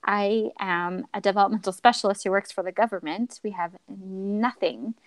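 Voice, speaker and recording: A woman guest telling a personal story in a lively way, acting out what others said to her. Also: medium pitch, moderate pace, no echo. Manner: animated, acts out quoted voices. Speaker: podcast guest.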